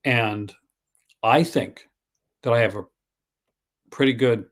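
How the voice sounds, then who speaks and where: A talkative man from Newfoundland hosts a relaxed livestream, his accent a blend of general Canadian and Newfoundland sounds. His pitch sits in an ordinary middle range, and he laughs often while he retells stories and acts out the people in them. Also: slow. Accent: mixed Canadian and Newfoundland. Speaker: host. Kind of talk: casual livestream chat.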